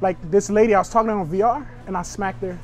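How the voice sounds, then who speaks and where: High-voiced brash young man pranking. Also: fairly even intonation, racing, faint music behind. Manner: brash, joking, provocative. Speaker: prank vlogger. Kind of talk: public prank chatter. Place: inside a store.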